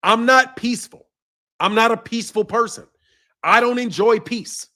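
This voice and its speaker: A man's voice: very high voice, normal speed, pushed and bright. A man hosting a boxing live stream, answering viewers' comments in a blunt, combative, profane way and laughing often. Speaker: boxing channel host.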